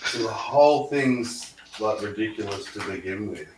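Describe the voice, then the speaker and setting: A man's voice: on the low side, normal speed, echoey room, noisy background. A man with an Australian accent hosting a casual chat, easygoing and asking curious questions. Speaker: host.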